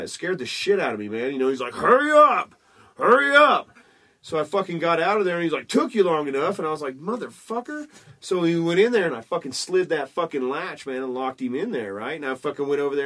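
A man's voice: on the high side, quick pace, few pauses. A man from Texas, telling a profane story with lots of "uh" and "man". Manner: loose, profane, drawling fillers like uh and man. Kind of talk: casual storytelling chat.

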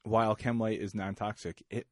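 A man with a very low, deep voice spins a story for his co-hosts at an easy, unhurried clip. He swears freely and keeps it laid-back. The sound is close and dry, with no room around it. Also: little pitch movement, no room sound. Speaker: podcast co-host. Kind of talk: casual storytelling chat.

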